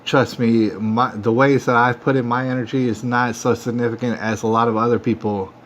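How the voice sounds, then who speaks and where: A man's voice: mid-range voice, level tone, fairly quick. A man hosting a livestream, talking straight to viewers in a defiant, repetitive rant that keeps working itself up. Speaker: livestream host. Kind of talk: ranting monologue to viewers. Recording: dull lo-fi phone stream audio with faint noise.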